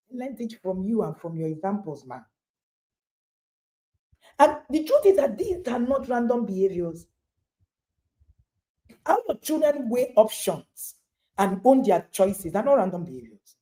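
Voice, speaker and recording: Speaking to parents, a middle-aged woman with a Nigerian accent gives an emphatic motivational talk, addressing them directly and repeating key lines for emphasis. Her mellow, warm voice swings widely and lively in pitch, moving at a moderate pace with frequent pauses.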